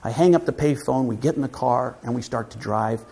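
A man telling a personal story from the pulpit as guest speaker, lively and vivid, with frequent restarts. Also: mid-range voice, a little fast, creaky. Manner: animated, vivid retelling with restarts. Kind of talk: storytelling sermon. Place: church.

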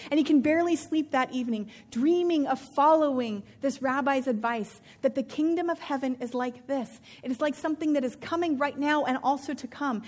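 A woman telling a story aloud in a lively, expressive way. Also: high voice. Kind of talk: spoken storytelling.

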